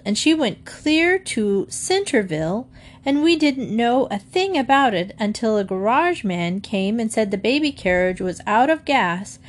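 A woman's voice: a little high, voice pushed up. A cheerful mother of eight chats breezily and reassures her friend, as a woman reading a storybook puts her on. The voice stays close to the reader's own.

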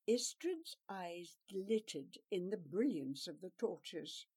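Slow, expressive woman reading a story. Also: medium pitch, breathy edge. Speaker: narrator.

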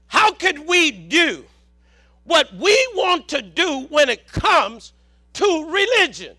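A man with a Southern accent preaching a sermon, shouting for emphasis and repeating words. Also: very high-pitched, sing-song, slow.

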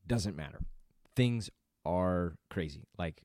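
A middle-aged father vlogging about parenting muses loosely about family life in a very low, deep, darkish voice at a moderate pace. In this casual, unscripted monologue he breaks off his own sentences and throws in joking asides. The sound is close and dry with no room echo.

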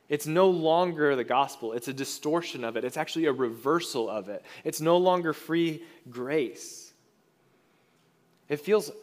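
A male pastor delivers a sermon in a fairly high voice. He talks in an earnest, conversational way and often restarts his phrases mid-thought.

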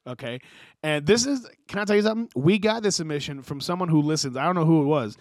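Brief: young male podcast host, profane, joking, fairly high voice, dry close mic. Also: lively intonation, dry recording. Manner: joking, profane, fast banter. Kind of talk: casual podcast chat.

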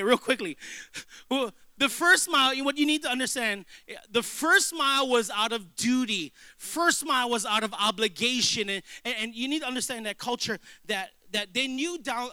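A man preaching a sermon as a pastor, telling lively stories with humor and acted-out dialogue. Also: extremely high pitch, clean tone, no room sound. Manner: animated storytelling preacher, jokes and acted-out dialogue.

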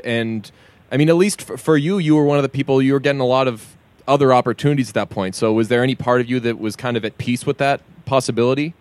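A man's voice: medium pitch, dry recording. A man from Massachusetts interviewing a guest, casual and joking, with some profane banter. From Massachusetts, USA.

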